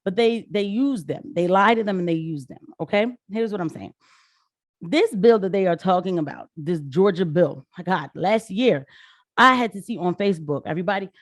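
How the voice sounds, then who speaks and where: A young woman vlogging casual political commentary, animated and sarcastic, talking straight to her viewers. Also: lowish voice, normal speed, dry recording, clean studio sound.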